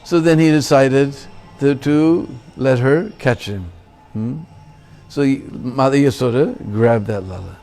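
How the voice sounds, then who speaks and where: A man's voice: medium pitch, a little slow, dark tone, faint music behind. A man giving a temple sermon, telling a story and checking in with listeners by asking "Hmm?" and "Huh?". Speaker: religious lecturer.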